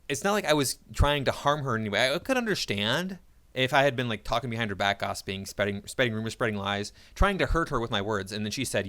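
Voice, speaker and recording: A man's voice: on the low side, animated, fast talker, bright, forceful tone. A man reads items from a list aloud and comments on each in an opinionated way, chuckling often between remarks. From United States.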